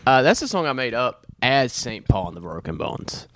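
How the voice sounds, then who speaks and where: A man's voice: medium pitch, sing-song, normal speed, fairly bright tone, no echo. A man hosting a casual podcast chat, loose and profane, sometimes breaking into a bit of song. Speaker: podcast host.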